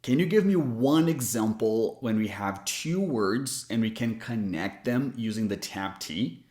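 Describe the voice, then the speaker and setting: A man giving a scripted pronunciation lesson as a coach, speaking clearly and deliberately and saying example words aloud. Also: lowish voice, lively intonation, darkish tone. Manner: clear, deliberate teaching delivery with spoken examples. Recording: echoey room.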